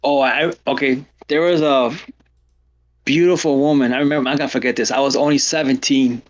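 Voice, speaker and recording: A man hosting a livestream, chatting casually and telling rambling stories with halting restarts. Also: mid-range voice, fairly even intonation, highs cut off. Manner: rambling storyteller, laughs often, halting restarts. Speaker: stream host. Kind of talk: casual chat.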